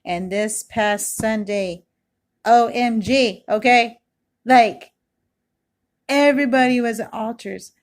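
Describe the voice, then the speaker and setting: A woman's voice: a little high, slow pace, pauses often. A woman in her thirties giving an earnest, rambling personal testimony at home, full of "you know" and "like", recorded close in a kitchen. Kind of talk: casual spoken testimony. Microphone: self-recorded video, close mic.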